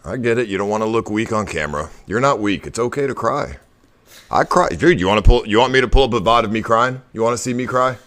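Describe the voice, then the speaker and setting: A man's voice: lowish voice, quick pace, a bit bright. A man in his thirties, a streamer, coaxing and persuading someone in casual stream talk.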